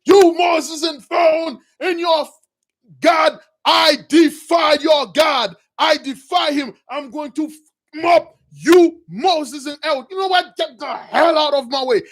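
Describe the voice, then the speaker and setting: A man voicing a furious young Egyptian king who rants and shouts orders. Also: very high-pitched, takes it slowly, pitched above the performer's own voice, heavily acted. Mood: defiant. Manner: shouting, ranting.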